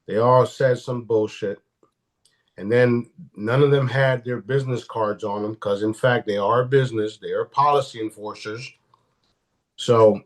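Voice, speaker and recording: A man talks bluntly and swears freely as a guest on a live stream. He often restarts his sentences mid-thought. His voice sits at an ordinary middle pitch. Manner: blunt and profane, with frequent restarts. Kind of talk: casual live-stream interview.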